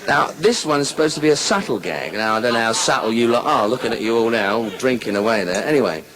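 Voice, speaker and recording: A man's voice: mid-range voice, expressive, fast talker, a bit bright, poor audio. A man doing live stand-up comedy, telling bawdy jokes with chatty asides. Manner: bawdy joke-telling with "you see" asides.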